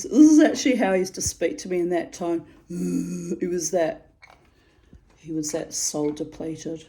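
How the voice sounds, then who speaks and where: A woman's voice: on the low side, measured pace, gravelly, warm tone, rough recording. A middle-aged woman telling a personal story to camera in a frank, aggrieved way, swearing freely. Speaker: video storyteller.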